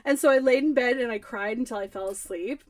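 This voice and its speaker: Thirties woman, high pitch, scratchy sore throat, animated podcast co-host. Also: fast talker. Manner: animated, swearing, acting out quotes. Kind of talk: casual storytelling chat.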